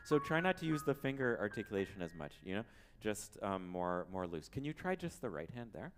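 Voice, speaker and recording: A man teaching a piano masterclass, humming and singing phrases to show the student how a passage should go, with gentle encouragement. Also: fairly low pitch, big pitch swings, a little fast. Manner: sings and hums phrases to demonstrate, gentle encouraging coaching. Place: piano showroom recital space. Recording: roomy hall with piano playing. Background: piano playing.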